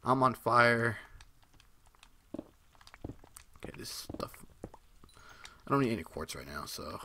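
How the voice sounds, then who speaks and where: A man giving live, excitable gameplay commentary, talking to himself, swearing and reacting loudly as he plays. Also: medium pitch, slow, slight background noise.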